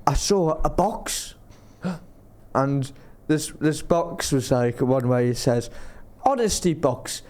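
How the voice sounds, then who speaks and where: A man's voice: medium pitch, slow pace, darkish tone. A man telling casual stories as a podcast guest, rambling and self-interrupting and laughing as he talks. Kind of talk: casual storytelling.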